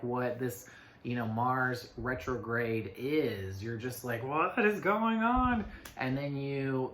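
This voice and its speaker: A man talks through a weekend astrology forecast in a loose, rambling way, stopping often on fillers and side remarks. His voice is bright and forward. The room around him rings with echo under a faint hiss. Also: mid-range voice. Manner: rambling, full of fillers and self-asides. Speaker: astrology reader. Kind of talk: casual spoken forecast. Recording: echoey room with faint noise.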